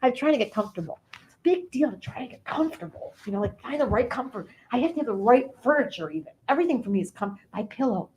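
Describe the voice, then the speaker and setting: Woman doing a high-voiced, whiny, oversensitive Cancer personified, melodramatic and self-pitying. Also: expressive, fast, a little mellow, natural voice, low-quality recording. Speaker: comedic character performer. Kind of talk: improv comedy character.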